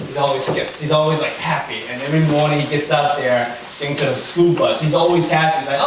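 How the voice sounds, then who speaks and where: A young man gives a casual sermon, rambling through anecdotes with plenty of fillers. His voice sits a little high. The sound is very echoey and distant in a church hall, with a faint hiss behind. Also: steady tone, brisk, few pauses. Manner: chatty, anecdotal, lots of fillers. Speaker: pastor. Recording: very echoey room, far from the mic, faint noise.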